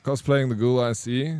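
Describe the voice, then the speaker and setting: A relaxed South African man talks with his stream viewers, answering comments in an easygoing, chatty way. He speaks slowly at a mid pitch. The sound is dry and close, with no room in it. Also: no echo. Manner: chatty, laid-back, reads and answers chat. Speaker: live streamer. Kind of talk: casual live-stream chat with viewers.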